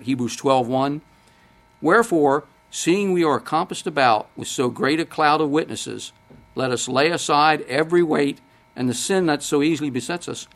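Older man, preacher, sermon, conversational, questions to listeners, somewhat high voice. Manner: conversational, quotes scripture, asks the congregation questions.

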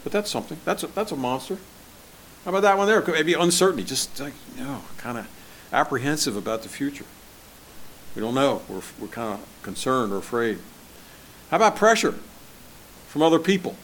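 A man preaching a sermon as pastor, conversational and asking his listeners questions, swinging between loud and soft. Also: medium pitch, expressive, fairly quick, long pauses, slight background noise. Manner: conversational, asks the congregation questions.

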